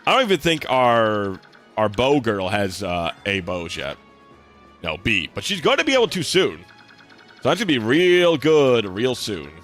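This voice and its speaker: A young man talking through a video game stream in a loose, rambling way, full of restarts and "like"s. His pitch swings lively up and down as he chats. Soft game music plays faintly behind him. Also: unhurried. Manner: rambling, chatty, lots of fillers and restarts. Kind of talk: casual gameplay commentary.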